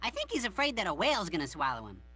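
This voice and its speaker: A man voicing a goofy, excitable male cucumber in a cartoon, hammy and silly. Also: high voice, racing, slightly rough, no room sound, exaggerated voice. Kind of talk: animated cartoon acting.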